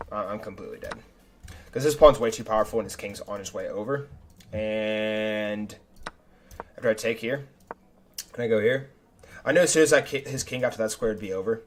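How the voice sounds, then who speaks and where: A young man streaming live, walking through his chess games move by move in casual, slangy talk and thinking aloud. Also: on the low side. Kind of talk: live game review commentary.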